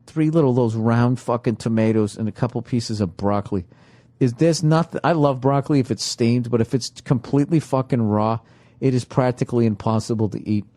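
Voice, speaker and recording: A middle-aged man rants through a loose comedy podcast monologue, swearing freely at a medium pitch. His mouth is full as he grumbles and talks with his mouth full of food. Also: a little mellow. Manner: profane, ranting, talks while chewing food. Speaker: podcast host.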